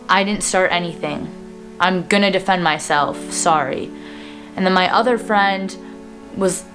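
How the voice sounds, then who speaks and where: A young woman in her twenties talking to camera in a personal vlog, earnest and plain-spoken with frequent fillers. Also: mid-range voice. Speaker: vlogger.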